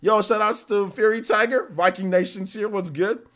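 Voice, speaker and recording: A man's voice: high-pitched, steady tone, moderate pace. A man streaming live, greeting viewers from chat one by one and laughing at trolls in a casual, slangy way. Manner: shouts out chat names, trash-talks trolls, laughs often.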